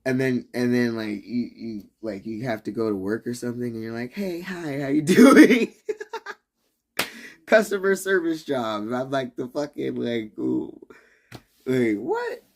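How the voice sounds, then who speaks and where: A man's voice: mid-range voice, big pitch swings, moderate pace, gravelly, a little mellow. Man, livestreamer, casual rant, rambling, swears a lot, laughs often. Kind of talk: casual live-stream rant.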